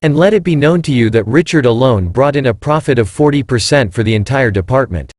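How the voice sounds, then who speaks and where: A man's voice: mid-range voice, animated, brisk, dry recording, clean studio sound, lightly acted. A man voicing an upset wife in a read-aloud story, earnest and pleading. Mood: defiant. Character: upset wife defending her husband.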